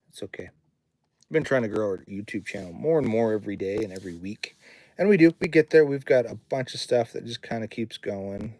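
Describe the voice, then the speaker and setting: Male studio owner, casual livestream host, slightly low voice, rambling chat, reads chat comments aloud. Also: a little mellow, no room sound. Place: home recording studio.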